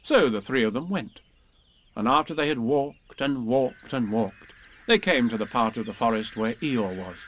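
A man reading a children's storybook aloud with slow, expressive narration. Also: mid-range voice.

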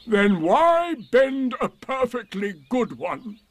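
A man doing a gloomy old donkey, slow. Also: very high voice, very animated, pitched above the performer's own voice, heavily acted. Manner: drawn-out, slow, sighing speech.

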